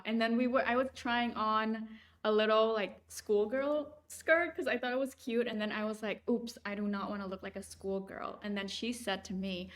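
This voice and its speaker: A woman's voice: a little high, moderate pace. Chatty young woman telling a story. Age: young adult. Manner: animated storyteller acting out quoted people. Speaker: podcast co-host. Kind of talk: casual chat, storytelling.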